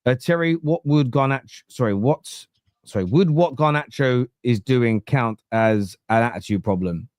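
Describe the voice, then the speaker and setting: A man in his 30s from East London hosts a casual football podcast, telling stories bluntly in a London accent, swearing freely and acting out quotes with animation. His voice is medium-pitched at a moderate pace, with a dry, close recording.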